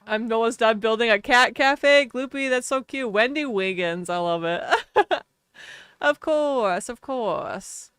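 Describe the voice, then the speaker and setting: A woman's voice: on the high side, slow, a bit bright, clear, resonant tone, no echo, studio quality. A woman with a Wisconsin accent chatting casually on a live game stream, laughing often and talking to her chat. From Wisconsin, US Midwest.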